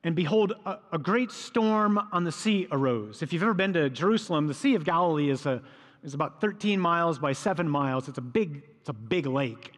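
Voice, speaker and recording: A man, a priest, preaching a sermon in a lively storytelling way, acting out voices from the scripture scene. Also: fairly high pitch, a little fast, big-room sound. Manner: storytelling, acts out voices of disciples.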